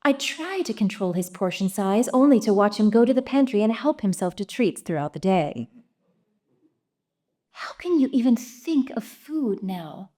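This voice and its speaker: A woman's voice: medium pitch, animated, normal speed, mellow, lightly acted. A woman voicing an exasperated female poodle wife, tart and sarcastic, reading aloud at a live storytelling event. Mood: snarling.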